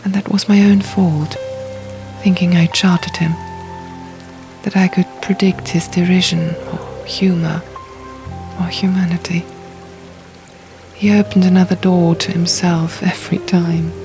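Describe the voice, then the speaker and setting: A woman narrating an audiobook in the first person, speaking slowly in a soft, breathy half-whisper. Her voice has a gravelly edge, and music plays behind her. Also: lowish voice, level tone.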